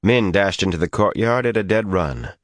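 Very deep-voiced male audiobook narrator. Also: animated, moderate pace, no room sound. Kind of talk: scripted narration.

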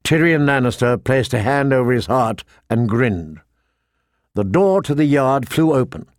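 A man narrating a fantasy novel in a measured, steady storytelling voice. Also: mid-range voice, dry recording, clean studio sound. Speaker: audiobook narrator.

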